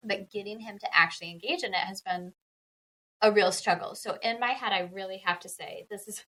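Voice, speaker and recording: A woman's voice: mid-range voice, a little fast, sharp tone, poor audio. A woman co-hosting a podcast, chatting casually and emphatically and laughing often. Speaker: podcast co-host, dyslexia interventionist.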